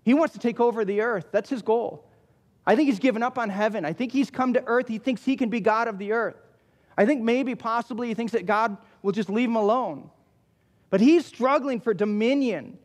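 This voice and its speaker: A man's voice: very high voice, normal speed. A male pastor preaching a sermon, emphatic and repeating key phrases for weight. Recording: long hall reverb.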